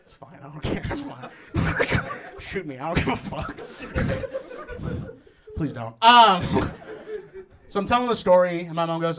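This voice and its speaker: A man's voice: fairly high pitch, very animated, measured pace, pauses often, crowd noise. A young man performing a stand-up comedy set on a club stage, acting out voices and laughing through his lines. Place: comedy club stage in front of a live audience.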